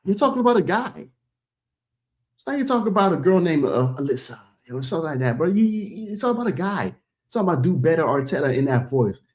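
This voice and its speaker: A man streaming a casual, animated reaction, stumbling over his words and calling his audience "bro.". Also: a little high, fast talker.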